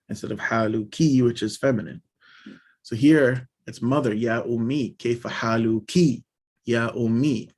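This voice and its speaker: A man casually teaching a language lesson, reading example sentences aloud and then explaining them in a relaxed, informal way. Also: mid-range voice.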